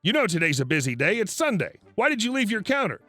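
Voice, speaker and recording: A man's voice: high voice, very animated, fast, bright, forceful tone, no echo, soft background music, exaggerated voice. A man reading as a bossy female store manager. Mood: scolding. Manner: bossy, snapping.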